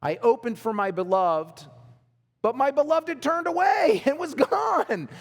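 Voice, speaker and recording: Pastor, middle-aged man with a high voice, animated storytelling sermon, long hall reverb. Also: unhurried. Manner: animated storytelling, acting out both sides.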